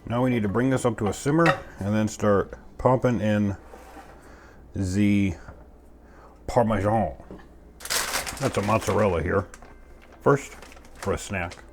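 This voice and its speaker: A man's voice: fairly low pitch, unhurried, long pauses, background noise. A man hosting a casual cooking video, chatting in a goofy, self-mocking way as he makes a sauce in his home kitchen. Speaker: cooking channel host.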